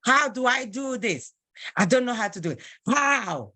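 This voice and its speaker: Woman teacher, slow and patient, animated pitch, dry close sound. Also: no room sound. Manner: slow, patient, repeats phrases word by word. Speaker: language teacher. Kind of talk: online language lesson.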